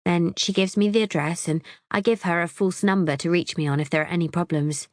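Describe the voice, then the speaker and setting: A woman's voice: fairly low pitch, fairly quick, dry recording, clean studio sound. A woman narrating a psychological thriller audiobook in the first person, wry and tense.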